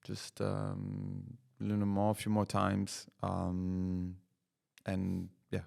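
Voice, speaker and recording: A middle-aged man with a low voice and a gravelly edge talks casually as a podcast guest. He pauses often on fillers and laughs his way through stories. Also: completely flat delivery, darkish tone. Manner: hesitant, many fillers, laughs through anecdotes. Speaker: racing driver guest.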